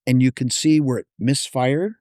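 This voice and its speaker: A man's voice: mid-range voice, moderate pace, no room sound, clean studio sound. A man, a podcast guest, telling a long story in casual chat and acting out the dialogue as he goes. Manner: animated storyteller, acts out dialogue.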